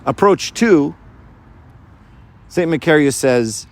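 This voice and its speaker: Guy preaching to a crowd, keeps firing questions, mid pitch. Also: normal speed. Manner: lively, full of rhetorical questions. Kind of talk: sermon to a live audience.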